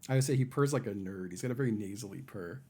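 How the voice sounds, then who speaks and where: A young man streaming a game from home at a desk mic, chatting casually and cooing at his cats in a high baby voice. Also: quick pace, mellow, slightly rough. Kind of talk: casual live-stream chat. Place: home room. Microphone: desk microphone.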